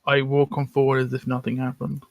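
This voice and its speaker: Gravelly male tabletop player. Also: medium pitch, completely flat delivery, brisk, no echo. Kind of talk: casual game chat.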